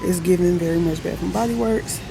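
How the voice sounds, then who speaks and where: A woman's voice: fairly low pitch, brisk, gravelly. A woman vlogger chatting casually to camera, frank and talkative, calling her viewers y'all and swearing freely, over a noisy background. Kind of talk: casual vlog chat to camera.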